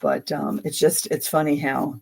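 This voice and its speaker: A woman's voice: low-pitched, little pitch movement, moderate pace, vocal fry, husky. A woman in her seventies from Philadelphia, reading tarot on a livestream and chatting casually, rambling from story to story with frequent laughter. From Philadelphia, USA. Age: 70s. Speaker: tarot reader hosting a livestream.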